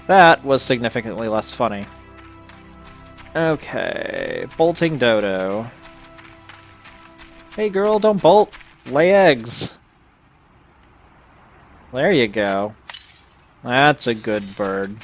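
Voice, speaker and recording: A man giving let's play commentary, wry and self-mocking with quiet mumbled asides. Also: mid-range voice. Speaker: game commentator.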